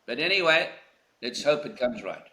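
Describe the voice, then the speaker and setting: A man's voice: medium pitch, very animated, moderate pace, bright, forceful tone, reverberant. An older man from South Africa, a golf legend being interviewed, telling anecdotes in a reflective, emphatic way. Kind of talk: conversational interview.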